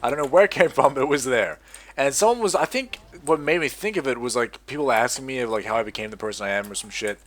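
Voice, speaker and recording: A man's voice: mid-range voice, fast talker. Young Australian male gamer, loose and sweary, rambling commentary with sudden yelps. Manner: rambling, sweary, animated outbursts. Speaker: gaming commentator. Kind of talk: casual gameplay commentary.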